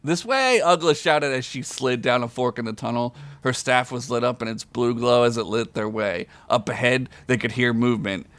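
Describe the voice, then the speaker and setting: Male storyteller, average pitch, dry close sound, reads comic fantasy and laughs along. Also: steady tone, moderate pace, few pauses, no echo. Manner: reads aloud with frequent chuckles, loud high character voices. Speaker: podcast storyteller. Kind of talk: comedic fantasy story reading.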